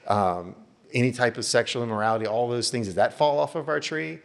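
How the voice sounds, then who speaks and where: A man's voice: medium pitch, fairly quick, creaky. A male pastor giving an earnest sermon to a small church, full of rhetorical questions and lists.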